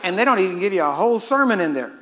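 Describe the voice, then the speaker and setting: Fast-talking preacher man. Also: high-pitched, sing-song, crowd noise, noisy background. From Texas. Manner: fast-talking and joking with the audience. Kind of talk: sermon.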